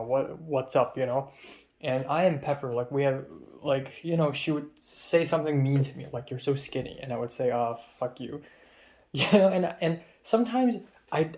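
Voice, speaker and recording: This young Hong Kong film student has a darkish, mid-range voice. He rambles through a diary vlog, swearing and stumbling over ums and restarts.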